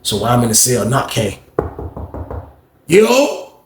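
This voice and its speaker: A man's voice: on the low side, level tone, fast. A young man telling a rambling, slangy story in a casual way, tossing in "man" and "you know what I mean" often. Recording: roomy echo with faint background noise.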